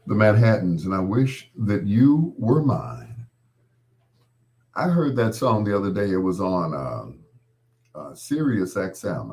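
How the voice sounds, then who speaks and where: Slow, deep-voiced man, laid-back radio DJ. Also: big pitch swings, a little mellow. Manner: laid-back storytelling with slang. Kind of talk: late-night radio DJ chat.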